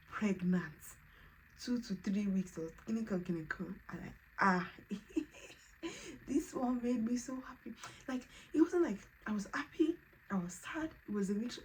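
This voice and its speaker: A woman's voice: on the low side, slight background noise, rough recording. A woman, telling her personal story in a vlog and acting out what others said. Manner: animated, quotes others in lively voices. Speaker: vlogger.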